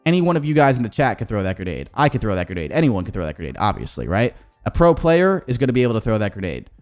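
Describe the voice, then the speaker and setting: A man's voice: on the low side, sing-song, rapid-fire, faint music behind. A man, an esports coach, casually reviewing gameplay footage in a rambling, profane way with many restarts.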